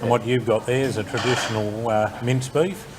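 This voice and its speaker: A man's voice: medium pitch, fairly even intonation, moderate pace, music in the background. A man who owns a restaurant, describing his food with many hesitations. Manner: hesitant, many ums and uhs. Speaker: restaurant owner. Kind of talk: casual chat.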